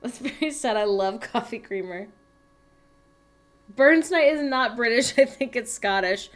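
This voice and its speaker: A woman's voice: a little high, expressive, unhurried. A young woman chatting playfully and teasing on a casual livestream from home. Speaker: livestream co-host. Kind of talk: casual chat on a productivity livestream.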